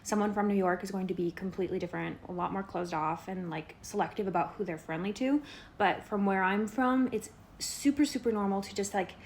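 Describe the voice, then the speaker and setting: A young woman from Colorado rambles through a casual vlog at a middling pitch, leaning on "like" as she goes. She slips into playful impressions when quoting others. Faint background hiss sits under her voice. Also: fairly quick. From Colorado, United States. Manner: chatty, heavy use of "like", acts out quoted people in higher voices. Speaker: vlogger. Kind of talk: casual talking-to-camera vlog.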